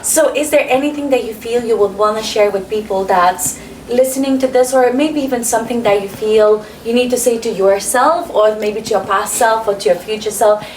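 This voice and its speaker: A woman's voice: fairly high pitch, moderate pace, a little mellow, reverberant, recorded from a distance, slight background noise, low-quality recording. A woman interviewing a guest in an upbeat, encouraging way, laughing often.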